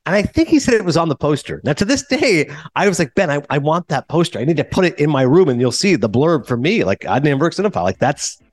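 A man who is a film critic and podcast host, telling a casual story and acting out the dialogue, then interviewing a guest. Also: a little high. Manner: animated, quick, acts out dialogue.

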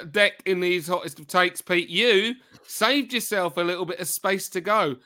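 A man hosting a casual football podcast, talking in an excitable, gushing way with halting restarts. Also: high-pitched. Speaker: podcast host.

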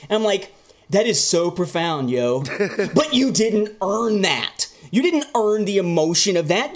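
A man co-hosting a casual comic review chat, animated and quick to mock what he reads. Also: high voice. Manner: animated, slips into goofy mocking voices. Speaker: podcast co-host reviewing comics.

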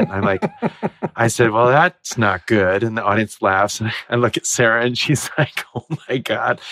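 A man, a musical theatre actor guest, telling stage stories in a casual, animated way, laughing and acting out the lines he quotes. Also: medium pitch. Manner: animated, giggly storyteller who acts out quotes.

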